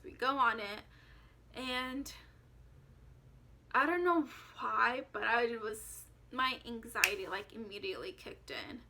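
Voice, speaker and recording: A woman's voice: a little high, pushed and bright. A young woman vlogger casually telling a personal story, chatty and full of fillers as she quotes herself.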